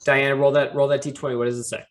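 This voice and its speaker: A man running a tabletop game as game master, describing scenes in a halting way full of fillers. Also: mid-range voice, little pitch movement, recorded from a distance.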